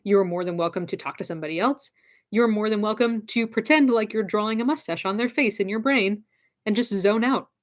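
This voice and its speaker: A woman talks through advice in a casual, direct way. She sounds encouraging and comes back to the same phrases again and again. Her voice sits at a middle pitch. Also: a little fast.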